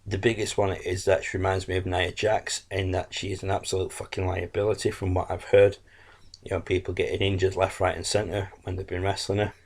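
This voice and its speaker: A man's voice: sits low, flat delivery, a little fast, vocal fry, slightly rough. A man giving a casual, blunt, rambling wrestling review, full of fillers and self-corrections. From England.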